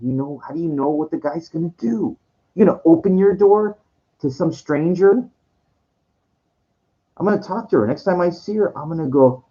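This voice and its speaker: A man's voice: on the high side, animated, moderate pace, pauses often, dark tone. Rambling man with a dull, lo-fi sound. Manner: rambling, restarts, swears; quoting others in acted voices. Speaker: streamer. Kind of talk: rambling monologue.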